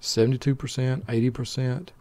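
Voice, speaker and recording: An older man hosts a let's play, giving slow, easygoing gameplay commentary meant to lull people to sleep as he mutters to himself and banters with an imagined buddy. His mid-range voice is a little mellow, with little pitch movement and no echo.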